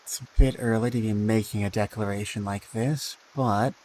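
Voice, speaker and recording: Low-voiced man musing over a game. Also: fairly even intonation, moderate pace, a little mellow, a little hiss or hum, poor audio. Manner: musing, thinking aloud, dry asides. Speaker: game streamer. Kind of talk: game stream commentary.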